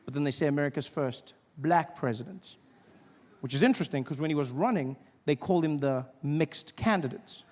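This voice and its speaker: A middle-aged man with a South African accent doing a stand-up routine, telling stories with quick asides and impressions. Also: a little high, a little mellow. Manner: storytelling with quick asides and mimicry. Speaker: stand-up comedian. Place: theater stage. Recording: reverberant live theater recording, faint noise.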